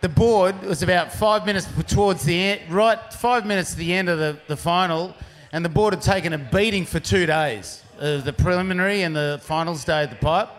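A man's voice: high-pitched, fairly quick, hardly any pauses, a bit bright. A man telling a surf story casually, rambling with frequent restarts. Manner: rambling, restarts often, laughs through punchlines. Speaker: pro surfer telling a story.

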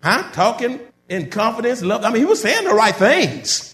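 A man preaching a sermon, reading scripture slowly and then breaking into loud, emphatic commentary. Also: very high voice, big pitch swings. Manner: builds from measured reading to loud emphatic bursts.

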